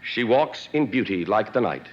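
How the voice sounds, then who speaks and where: A man's voice: fairly low pitch, sing-song, moderate pace, a little hiss or hum. A man comedian acting out a one-sided phone call, stammering and growing more and more exasperated, then introducing the next guest as host. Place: live television stage before a studio audience. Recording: roomy 1960s TV broadcast, dull sound, loud audience laughter.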